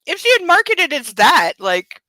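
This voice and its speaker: A woman hosts a book club show, pouring out sarcastic, ranting commentary. Her voice is bright and a bit high, recorded close and dry. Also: very animated, normal speed, no room sound, poor audio.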